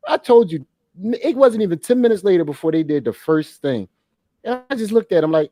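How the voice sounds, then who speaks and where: A man's voice: very high voice, very animated, a little fast, warm tone, dry recording, studio quality. A man co-hosting a casual podcast, ribbing his friends and ranting with jokes. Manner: teasing, joking ribbing of friends. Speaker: podcast co-host. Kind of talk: casual chat.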